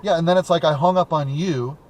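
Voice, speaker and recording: A man's voice: on the high side, fairly quick, darkish tone, a little hiss or hum. A young man hosting a call-in talk show while driving around in his car, chatting casually, rambling and repeating words with lots of fillers. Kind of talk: casual chat.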